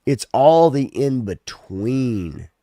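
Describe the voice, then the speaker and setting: A man's voice: medium pitch, big pitch swings, extremely slow, dark tone, no echo, clean studio sound. A man co-hosting a casual podcast, talking in a loose, ranting way with plenty of swearing. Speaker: podcast co-host. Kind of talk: casual chat.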